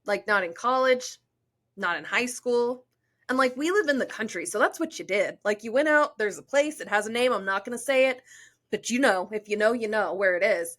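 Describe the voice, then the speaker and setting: A woman's voice: fairly high pitch, moderate pace. A young woman co-hosting a podcast, chatting casually, laughing often and reading a listener story aloud. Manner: chatty, giggly, animated when reading stories. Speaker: podcast co-host.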